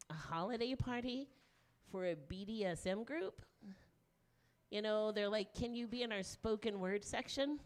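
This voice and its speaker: A woman in her late forties doing a stand-up set, frank and self-mocking, with animated punchlines. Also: mid-range voice. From Deep South of the US. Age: 40s. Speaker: stand-up comedian.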